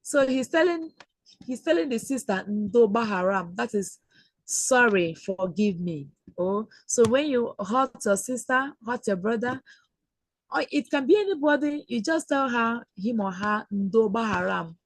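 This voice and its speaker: A woman teaching Igbo words to children in a webinar, repeating phrases slowly and patiently. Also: high voice, expressive, low-quality recording. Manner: slow, repetitive teaching with drawn-out Igbo phrases. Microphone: computer mic on a video call.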